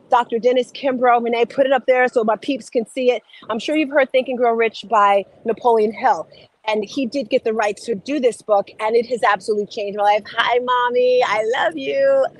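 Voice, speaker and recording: A woman coach chatting live to her online viewers, with a fairly high voice. She is upbeat and talkative and keeps calling out to her audience by name. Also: low-quality recording. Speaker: life and fitness coach, show host. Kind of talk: casual livestream chat.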